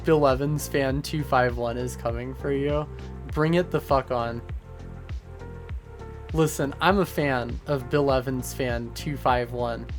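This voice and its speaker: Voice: medium pitch, steady tone, measured pace, soft background music. A streamer chatting casually with a live audience, goofy and rambling, with lots of fillers. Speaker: streamer answering chat. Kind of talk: casual livestream chat.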